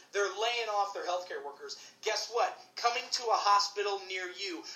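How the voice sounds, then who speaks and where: A fired-up woman doctor rants through heated commentary, hammering her points with emphatic repetition. Her voice is bright and forceful. The room around her rings with a noticeable echo. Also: medium pitch. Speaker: physician commentator. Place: St. Louis area.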